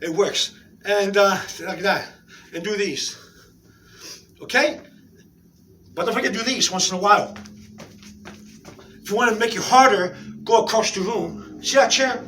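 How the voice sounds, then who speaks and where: A man demonstrating an exercise while out of breath, giving halting, repetitive instructions and often checking in with "okay?" in an indoor room. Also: sits high, lively intonation, bright, forceful tone, recorded from a distance, slight background noise. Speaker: exercise video maker.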